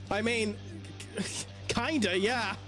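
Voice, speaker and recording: Irish male streamer, unhurried delivery, laughs and curses through gameplay. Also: high-pitched. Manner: laughs often, swears, reacts loudly. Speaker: gaming streamer. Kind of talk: live gameplay commentary chatting with viewers. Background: game music.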